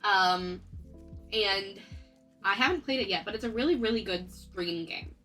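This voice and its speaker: Stuffy-nosed woman streamer, bright voice. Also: mid-range voice, measured pace, rough recording. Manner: chatty, greets viewers with repeated hellos. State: congested, stuffy nose from a cold. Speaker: live-streaming artist. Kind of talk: casual livestream chat. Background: faint background music.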